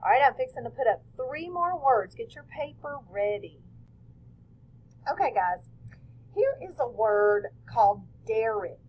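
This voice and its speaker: Woman, teacher, patient step-by-step phonics lesson, breathy, slightly high voice. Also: big pitch swings, a little slow, muffled recording. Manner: patient, step-by-step explaining to children.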